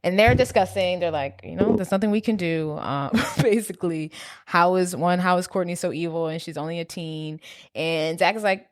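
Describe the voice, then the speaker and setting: A woman's voice: lowish voice, fairly quick, no echo, studio quality. A young woman co-hosting a podcast, recapping a film in a laid-back way, swearing freely and laughing often. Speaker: podcast co-host. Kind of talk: casual movie recap chat.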